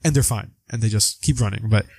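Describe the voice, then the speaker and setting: A young man chatting casually about a film on a podcast, animated, acting out quotes from scenes. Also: fairly low pitch, gravelly, husky, no room sound. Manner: animated, acts out lines with quick voice jumps. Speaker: podcast co-host. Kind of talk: casual movie discussion.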